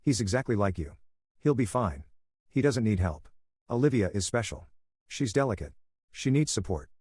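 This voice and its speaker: A man's voice: on the low side, lively intonation, normal speed, a little mellow, slightly rough, no echo, clean studio sound. A man voicing a defensive, evasive middle-aged mother, with no change of voice for the part. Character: defensive middle-aged mother who favors her daughter.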